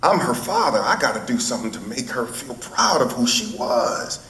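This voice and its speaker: A man voicing a grave preacher speaking in a measured, oratorical way. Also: mid-range voice, sing-song, fairly bright tone. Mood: rousing. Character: grave male preacher, solemn and rousing. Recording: echoey hall, faint ambience.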